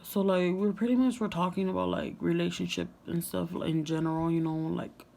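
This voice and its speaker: A young woman telling a story in a casual vlog, chatty and profane, full of "like" and "you know", sometimes dropping to a hush. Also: lowish voice, fairly even intonation, a little fast, vocal fry. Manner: drops into hushed whispers at times. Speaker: vlogger.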